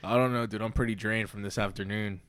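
A man's voice: lowish voice, steady tone, fast, a bit bright, a little hiss or hum. A man co-hosting a podcast, teasing his friends and laughing often in casual chat. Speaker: podcast co-host.

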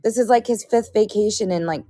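A woman's voice: medium pitch, a little fast, mellow, dry recording, studio quality. A woman co-hosting a podcast, venting in casual chat with frequent swearing. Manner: exasperated venting, profane. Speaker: podcast co-host.

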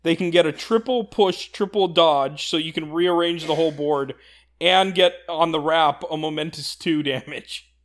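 Male co-host, higher pitch, eager rules explainer, chatty. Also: normal speed. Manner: enthusiastic, explains rules at length, laughs often. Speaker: podcast co-host. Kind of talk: casual tabletop game discussion.

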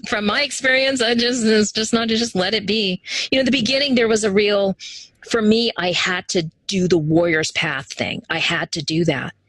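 Animated woman, dry close sound. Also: medium pitch, normal speed, no room sound, poor audio. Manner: animated, acts out quoted voices. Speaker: interview guest, human design teacher. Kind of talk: casual conversational interview.

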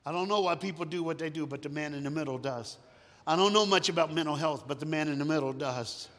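A man preaching a storytelling sermon, moving between hushed and loud, sometimes singing lines of a song. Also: fairly high pitch, fast. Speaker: guest preacher. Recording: long hall reverb.

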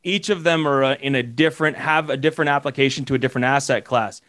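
A man's voice: medium pitch, fast, fairly bright tone. Rambling man coaching on sales. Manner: rambling, many restarts, coaching tone. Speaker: commercial real estate broker and course mentor. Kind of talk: casual podcast advice.

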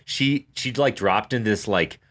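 Deep-voiced relaxed man. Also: measured pace. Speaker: pastor. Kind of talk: casual chat.

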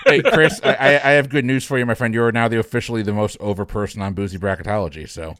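A man's voice: lowish voice, fairly even intonation, very fast, fairly bright tone, no room sound. A man hosting a casual podcast chat, joking and greeting each guest by name. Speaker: podcast host.

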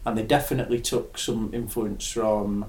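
Give me a young man in relaxed, chatty talk, recorded with echo. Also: lowish voice, normal speed, slight background noise. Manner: chatty, laughs often, swears casually. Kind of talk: casual chat. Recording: echoey room.

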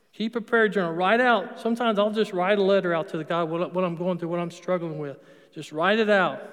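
High-voiced middle-aged man preaching in a hall. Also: a bit bright. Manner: conversational, storytelling, with emphatic punches. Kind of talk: sermon. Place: church sanctuary. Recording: long reverb of a large hall.

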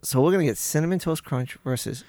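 A man's voice: on the high side, fast talker, darkish tone, no room sound. Teasing man on a casual podcast. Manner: teasing and jokey. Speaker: podcast co-host. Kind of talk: casual chat.

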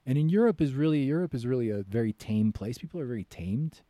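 An American man, a podcast guest and author, telling a story in casual chat and loudly acting out the voices he quotes. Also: medium pitch, animated, fast talker, dry recording. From United States.

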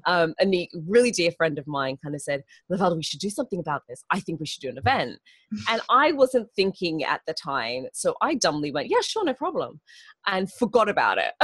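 A woman's voice: lowish voice, a bit bright, dry recording. A woman from the Turks and Caicos Islands with a mixed international accent, partly American and partly Australian, chatting as an interview guest. She is bubbly and theatrical and laughs often. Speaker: guest, event organizer. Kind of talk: casual interview chat.

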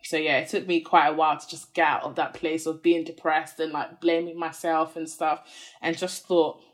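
A woman's voice: sits low, level tone, normal speed. A woman in her twenties, a podcast guest candidly telling a personal story in a chatty, earnest way, full of "like" fillers.

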